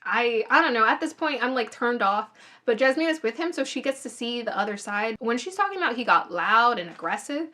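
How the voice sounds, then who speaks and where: A woman's voice: on the high side, animated, fairly quick, pushed and bright. A woman casually giving her opinions in a TV review, chatty and thinking aloud with restarts, recorded on a phone. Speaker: reality TV reviewer.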